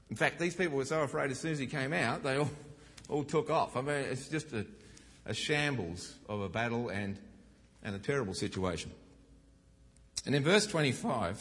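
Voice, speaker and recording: A middle-aged man preaching a sermon, retelling a Bible story and acting out the quoted lines with his voice rising. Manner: animated, acts out quoted lines with rising pitch. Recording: long reverb of a hall.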